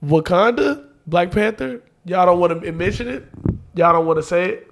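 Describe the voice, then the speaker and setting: A young man with a noticeably high voice for a man, joking around and ready to argue. He co-hosts a casual chat in loose slang. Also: expressive, moderate pace, vocal fry, a little hiss or hum.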